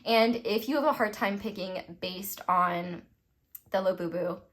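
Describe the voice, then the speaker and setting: A woman's voice: mid-range voice, a little slow. Giggly, rambling young woman tarot reader. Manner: giggly, rambling, self-deprecating. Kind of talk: casual chatty tarot reading.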